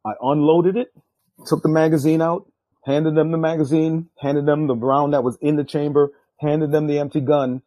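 An older man, a retired drug agent, telling a tense undercover story in an interview, profane and animated. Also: normal speed, no room sound. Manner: animated, jumps loud and high acting out quotes; profane, street-style speech.

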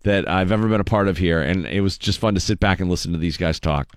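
A man with a lowish, smooth, resonant voice hosts a morning radio show. He talks in an upbeat, promotional way, with a few uh fillers. The studio mic is close and dry. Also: quick pace, dry recording. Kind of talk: casual radio chat. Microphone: studio microphone.

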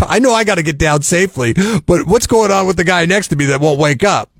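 A man's voice: a little high, expressive, brisk, no room sound, clean studio sound. A man co-hosting a morning radio show, bantering casually and joking, often laughing.

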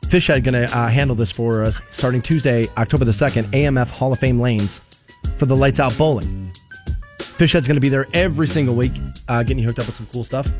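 A man hosting a rock radio show, telling stories loudly and laughing at himself between promo reads. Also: mid-range voice, fast talker, music in the background. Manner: animated, shouting storyteller who laughs at himself. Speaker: radio morning show host. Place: radio studio.

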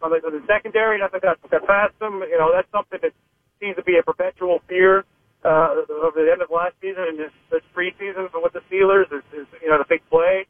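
A man's voice: high-pitched, fairly even intonation, fast talker, no room sound. A man from Pittsburgh, a sports reporter calling into a radio show, talking in rambling, hesitant sentences full of restarts. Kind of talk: phone-in sports radio analysis. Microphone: phone. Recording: narrow phone line.

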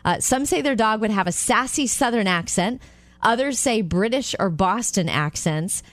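A female radio co-host who chats brightly and laughs easily between stories. Her voice is dry and close to the mic. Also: mid-range voice, animated, no room sound. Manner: bright, chatty, quick to laugh. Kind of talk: casual radio chat and story reading.

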